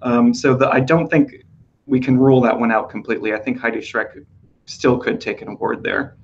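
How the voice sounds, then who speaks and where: A hoarse man with a worn, strained voice hosts a casual awards-prediction chat. He talks loosely, with plenty of ums and restarts. The recording sounds dull and lo-fi. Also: medium pitch, fairly even intonation, a little fast, slight background noise. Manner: chatty, loose, with filler ums. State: losing his voice, hoarse. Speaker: podcast host.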